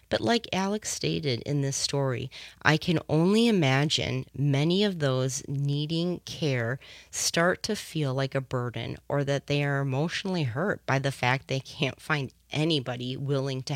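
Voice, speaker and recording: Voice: mid-range voice, measured pace, no room sound. A radio talk show host giving impassioned, personal commentary into a studio microphone.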